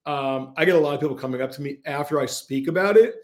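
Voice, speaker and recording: A man's voice: a little high, fast talker. A middle-aged man, a podcast guest, chatting casually and telling stories with lots of fillers and restarts. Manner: animated storyteller with frequent fillers and restarts. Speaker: podcast guest, tech company CEO.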